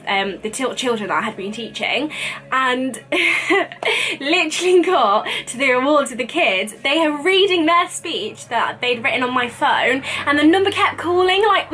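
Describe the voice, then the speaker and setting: A woman in her twenties vlogging, telling a story in casual chat, animated and giggly, acting out quoted lines in a higher voice. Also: slight background noise. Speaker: beauty vlogger.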